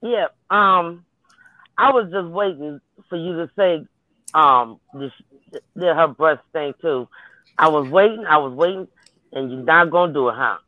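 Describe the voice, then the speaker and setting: A man's voice: fairly high pitch, a little slow, pauses often, dry recording. Laid-back man on a tinny line. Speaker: regular caller.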